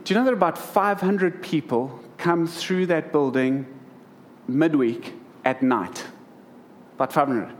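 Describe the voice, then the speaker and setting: A man's voice: fairly high pitch, a little slow, a little hiss or hum. A middle-aged man preaching to a congregation, telling humorous stories about family life. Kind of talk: sermon.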